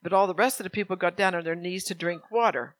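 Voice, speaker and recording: A woman pastor preaching a sermon. She reads scripture slowly and earnestly and puts direct questions to her congregation. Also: lowish voice, no echo.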